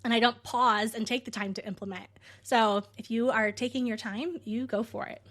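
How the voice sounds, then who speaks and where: A woman's voice: a little high, fairly even intonation, normal speed, a bit bright. Upbeat woman podcast co-host. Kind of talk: casual chat.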